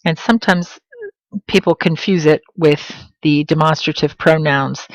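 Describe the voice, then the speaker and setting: A woman's voice: sits low, fairly even intonation, dry recording, rough recording. Woman teacher sounding out Spanish words. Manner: slow, emphatic pronunciation of example words. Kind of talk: classroom lesson.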